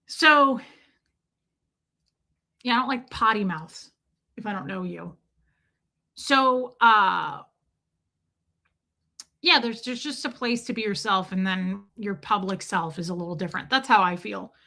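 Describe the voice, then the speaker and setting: A woman's voice: mid-range voice, a little slow, creaky, pauses often, pushed and bright. A woman hosting a live stream from home, telling a story to her chat in a chatty, blunt way and swearing freely.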